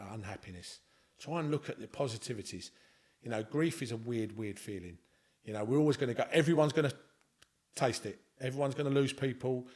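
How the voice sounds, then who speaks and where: Speaking at medium pitch with a touch of mellowness, a man with a London accent, noted as from Scotland, rambles earnestly through a story. He's a guest being interviewed in a relaxed podcast chat.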